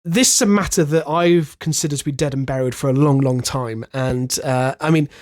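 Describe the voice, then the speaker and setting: A man's voice: a little high, moderate pace, a little mellow. A man co-hosting a podcast, congested and nasal from a virus, talking hesitantly. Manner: hesitant, many fillers and restarts. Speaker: podcast co-host. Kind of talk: casual chat.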